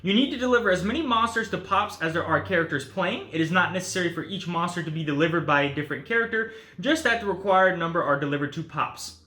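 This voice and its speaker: A man's voice: high-pitched, fast, few pauses, pushed and bright, reverberant. A man hosting a board game channel, chatting casually through a solo playthrough at a game table and often saying guys and uh.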